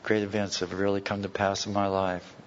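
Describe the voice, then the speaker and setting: A low-voiced man from California recounts a personal story at a recovery meeting, his delivery completely flat and fairly quick, full of blunt, folksy slang. The meeting hall's dull old tape recording carries long reverb and slight background noise.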